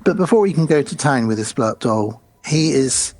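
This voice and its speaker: A man's voice: medium pitch, expressive, normal speed, darkish tone, soft background music. A man co-hosting a horror film podcast, recapping the plot step by step and quoting the characters. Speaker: podcast co-host. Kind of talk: casual film review chat.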